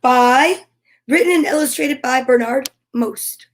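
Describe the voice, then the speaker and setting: A woman reading picture books aloud to children from her home studio, playful and animated, doing animal sounds. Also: sits high, a little slow. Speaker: children's story reader.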